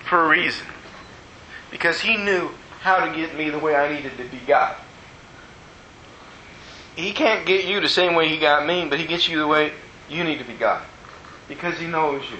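A man preaching a sermon as a personal testimony, telling the story earnestly and moving between hushed and excited tones. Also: a little high, dull audio, a little hiss or hum. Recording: roomy echo.

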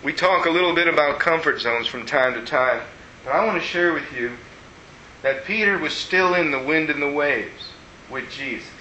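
High, bright-voiced preacher man. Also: moderate pace, lo-fi sound, a little hiss or hum. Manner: animated storytelling, acts out quoted people. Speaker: pastor. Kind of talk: sermon. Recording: roomy echo.

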